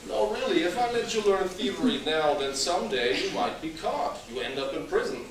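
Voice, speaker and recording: A man's voice: high voice, lively intonation, brisk, a crowd in the background. A man voicing a patient but pompous father who lectures his son in stiff, formal wording, read aloud as a comic dialogue. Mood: lecturing. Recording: echoey hall, mic far off, noisy.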